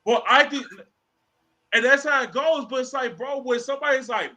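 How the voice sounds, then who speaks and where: A man co-hosts a podcast in loose, casual chat, his voice sitting high and bright. He tells stories animatedly, acts out the lines people said, and swears freely along the way. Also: moderate pace, poor audio. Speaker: podcast co-host.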